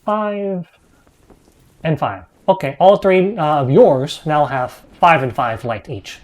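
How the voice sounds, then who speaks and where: A man's voice: fairly high pitch, takes it slowly. A man running a streamed tabletop game as game master, talking casually with lots of fillers and hesitations.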